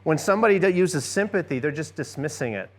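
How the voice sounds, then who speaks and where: A man presents a church seminar on listening, earnestly addressing a live audience and frequently checking in with "okay?". He talks fast and animatedly in a slightly high voice.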